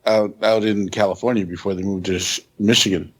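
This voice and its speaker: A man's voice: fairly low pitch, level tone, brisk, husky. A man co-hosting a podcast in casual chat, restarting sentences as he reminisces. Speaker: podcast co-host.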